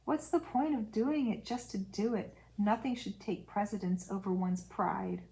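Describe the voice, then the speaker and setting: A woman's voice: mid-range voice, normal speed, vocal fry, warm tone, natural voice, low-quality recording. A woman reading the lines of a proud young male student in an audiobook, solemn and lecturing.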